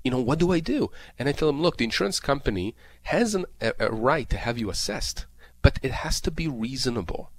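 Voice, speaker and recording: A man's voice: medium pitch, big pitch swings, fairly quick, no echo. A man explaining disability insurance claims on a call-in show, emphatic and repetitive, with many fillers. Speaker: disability lawyer guest expert. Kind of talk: radio call-in advice.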